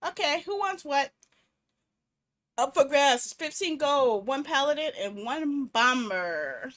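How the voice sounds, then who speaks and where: A young woman streaming a horror game, commenting casually and reading story text aloud with animated, jokey delivery. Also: sits high.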